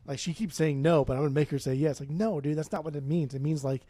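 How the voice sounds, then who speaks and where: Rambling young man with a dark voice. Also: a little high, quick pace, dry recording. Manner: rambling, swears a lot, many fillers. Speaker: podcast co-host. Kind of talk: casual chat.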